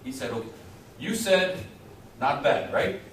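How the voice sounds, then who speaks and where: A man teaching a communication skills class, lively and quizzing his listeners as he acts out short exchanges. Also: fairly high pitch, unhurried. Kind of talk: interactive classroom lecture. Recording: very echoey room, mic far off, faint noise.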